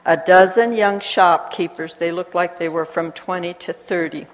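Animated woman telling a story in a hall. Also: lowish voice, normal speed. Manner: animated, acts out quoted voices. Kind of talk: personal storytelling. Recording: long hall reverb.

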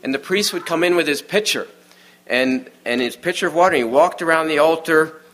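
Guy preaching a sermon, casual storytelling tone, goes hushed for the quiet bits, lots of restarts. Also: fairly high pitch, fairly quick. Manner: conversational, dropping to a hush for quiet moments; many restarts and fillers, informal aside.

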